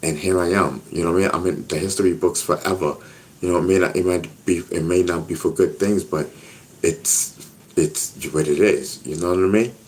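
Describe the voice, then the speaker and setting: A man with a fairly low voice speaks in a casual interview. He tells his story earnestly, in loose, looping phrases, and keeps asking whether the listener gets it. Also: steady tone, fairly quick, slight background noise. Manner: earnest, repeats himself, asks "you know what I mean?". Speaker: interview guest.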